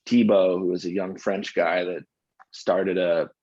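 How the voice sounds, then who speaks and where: A man as a podcast guest, telling an animated anecdote in casual conversation, often restarting his sentences. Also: low-pitched, measured pace, slightly rough, no echo. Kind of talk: casual interview storytelling. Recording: dull lo-fi dry sound.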